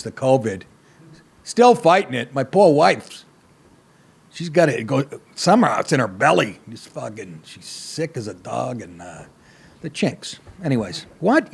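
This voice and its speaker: A man's voice: on the high side, slightly rough. Crude, sarcastic male comedy podcast host. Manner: crude, sarcastic, blunt, frequent swearing. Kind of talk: profane comedic rant.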